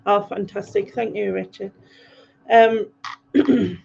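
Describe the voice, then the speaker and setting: A woman's voice: medium pitch, fairly even intonation, slow, vocal fry, warm tone, slight background noise. A woman hosting a livestream, casually rambling through viewer comments with frequent ums and laughs. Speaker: livestream host. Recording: dull lo-fi livestream audio.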